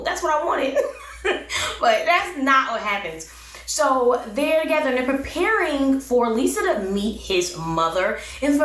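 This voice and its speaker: A woman's voice: a little high, a bit bright. A woman giving a chatty, sassy recap of a TV episode, laughing often. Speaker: recap vlogger. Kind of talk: casual review chat. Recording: echoey room, voice a bit far from mic.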